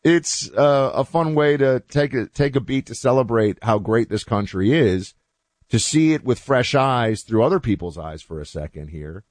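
A man hosting a talk show, chatting in a loose, animated monologue with asides that trail off quietly. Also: medium pitch, normal speed, dry recording. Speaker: host.

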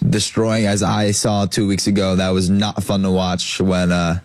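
Low-voiced man, rambling sports talk. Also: level tone, moderate pace, a little mellow, dry recording. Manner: hesitant, rambling. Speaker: panelist.

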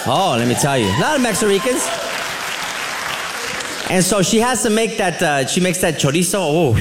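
A man doing a stand-up comedy routine, animated and laughing as he acts out his family members. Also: high-pitched. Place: comedy club stage. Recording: live club with audience laughter and crowd noise.

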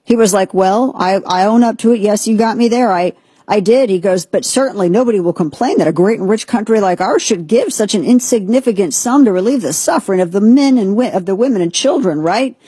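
Lady casually retelling an old story, mellow and a bit husky, dry sound. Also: medium pitch, fairly quick, dry recording. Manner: casual storytelling with quoted dialogue. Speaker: speaker recounting history.

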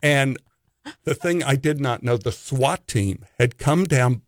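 A man's voice: mid-range voice, takes it slowly, dry recording, clean studio sound. A man, an actor, telling a comic anecdote and acting out the people in it. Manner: animated storyteller who acts out the people in his tale. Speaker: actor telling stories as a guest.

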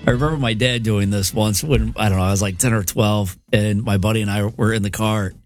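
A man's voice: lowish voice, fairly quick, soft background music. Middle-aged man laughing through anecdotes. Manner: laughs at his own stories. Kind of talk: casual chat, anecdotes.

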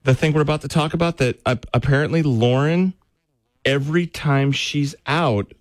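A man's voice: on the high side, normal speed, no echo. A man hosting a morning radio show, reading odd news stories and bantering playfully with his co-hosts. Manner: playful, reads news items aloud.

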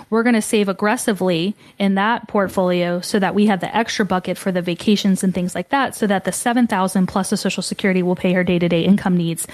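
A woman's voice: fairly low pitch, dry recording. A woman co-hosting a radio show as a financial advisor, explaining an income plan in a conversational way.

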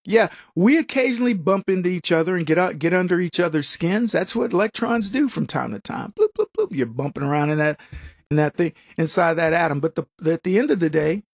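A man's voice: fairly high pitch, fairly quick, creaky, dry recording, studio quality. A man hosting a political talk show, delivering a casual, sarcastic commentary monologue full of restarts and chuckles at his own jokes. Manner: animated and sarcastic, with frequent restarts.

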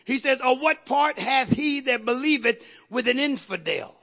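A man preaching a sermon, moving from quiet asides to shouted exhortations and calling out to the congregation. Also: very high voice, expressive, moderate pace, vocal fry. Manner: call-and-response exhortations to the congregation.

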